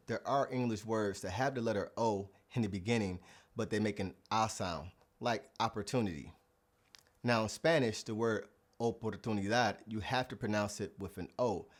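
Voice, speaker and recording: A man narrating a language lesson, sounding out example words slowly and deliberately. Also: fairly low pitch. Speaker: Spanish teacher.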